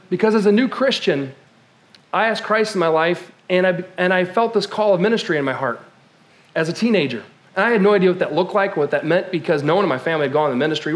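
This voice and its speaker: A male pastor with a notably high voice preaches in a conversational, personal way. He often stumbles over words and restarts his sentences as he talks. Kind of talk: sermon.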